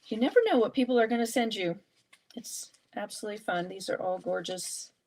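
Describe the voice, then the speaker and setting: A woman's voice: medium pitch, fairly quick, a little mellow. A woman hosting a live art journaling session, chatting and thinking aloud as she works through a casual craft demonstration.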